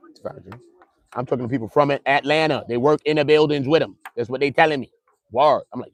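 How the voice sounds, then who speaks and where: A man giving loose, joking commentary on a trial, full of street slang and animated storytelling. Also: mid-range voice, quick pace. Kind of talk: casual livestream commentary.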